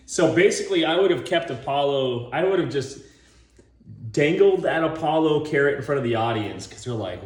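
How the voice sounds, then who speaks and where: A man hosting a casual, rambling monologue. He chuckles often and acts out scenes in voices as he pitches a movie idea. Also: lively intonation, normal speed, reverberant. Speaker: online video host.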